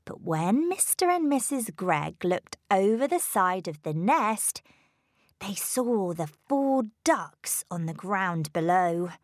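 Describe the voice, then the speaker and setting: A woman narrating a children's storybook with a slow, careful, expressive read-aloud delivery. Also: medium pitch, no room sound, studio quality.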